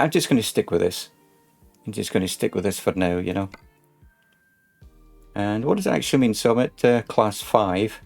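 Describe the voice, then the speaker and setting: A man's voice: fairly low pitch, creaky, darkish tone. A man casually commenting while he plays a truck game on a stream, chatty and muttering to himself.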